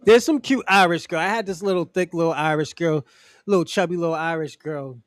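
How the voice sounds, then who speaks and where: Speaking a little fast, this male livestream host rants loosely and mockingly, swearing and laughing often. He sounds high-pitched for a man, recorded close and dry with no echo or room around his voice.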